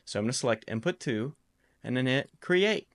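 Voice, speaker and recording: A man giving a casual home-studio guitar recording tutorial in a relaxed, explanatory way, with loose restarts. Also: mid-range voice, a little fast.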